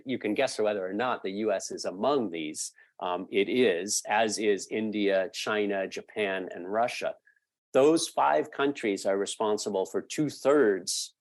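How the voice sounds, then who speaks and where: A man being interviewed as a guest, explaining a point at length with frequent pauses and fillers. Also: on the low side, no echo. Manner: thoughtful, halting with many fillers. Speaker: podcast guest, media researcher.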